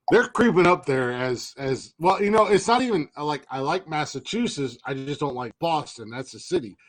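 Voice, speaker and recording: A man's voice: fairly high pitch, lively intonation, normal speed. A man from Ohio co-hosting a comedy podcast, ranting crudely and laughing often. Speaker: podcast co-host.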